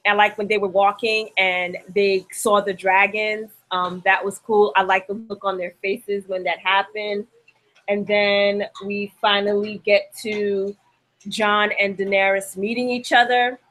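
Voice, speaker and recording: A chatty young woman hosts a loose show recap, with plenty of laughs and fillers along the way. Her voice sits at a mid pitch for a woman. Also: flat delivery, a little slow, fairly bright tone, low-quality recording. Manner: chatty, laughs often, acts out lines from the show. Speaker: podcast host. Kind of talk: casual TV recap chat.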